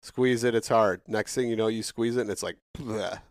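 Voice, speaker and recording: A man co-hosting a podcast in casual chat, an animated storyteller who acts out the people he quotes. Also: fairly low pitch, normal speed, no room sound, clean studio sound. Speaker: podcast co-host.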